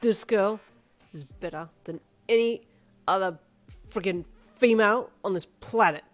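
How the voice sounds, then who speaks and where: A woman's voice: fairly low pitch, steady tone, a little fast, dry recording, soft background music, close to an everyday voice. Woman voicing a drunk swaggering young guy. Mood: drunk boasting. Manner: slurring, loud and swaggering. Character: drunk boastful young man, team captain.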